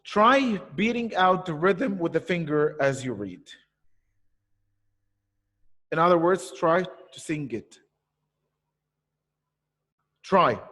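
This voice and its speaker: Slow, patient male teacher in an echoey room. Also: fairly high pitch, expressive, sharp tone. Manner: patient, explains slowly with repetition. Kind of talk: online poetry lesson. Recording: echoey room with long reverb.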